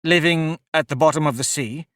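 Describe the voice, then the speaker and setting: A man's voice: fairly high pitch, fairly quick, a bit bright, no room sound, clean studio sound, voice pushed up, natural voice. A man voicing Alice, a polite and curious young girl, in an audiobook, with a prim, earnest manner. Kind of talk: audiobook character voice.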